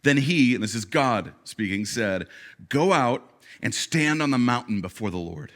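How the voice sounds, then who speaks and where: A man preaching a sermon as a pastor, telling the story with animated energy, dropping to quiet asides and rising to loud, emphatic peaks, often repeating words as he restarts. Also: medium pitch, measured pace. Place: church service.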